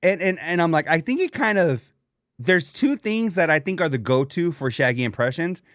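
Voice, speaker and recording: A laid-back man chatting casually on a podcast, full of slang and easy laughter. His voice sits a little high, and the sound is dry and close with no room around it. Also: lively intonation, moderate pace, fairly bright tone, no room sound. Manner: slangy, laid-back, says "dog" often, laughs a lot. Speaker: podcast co-host.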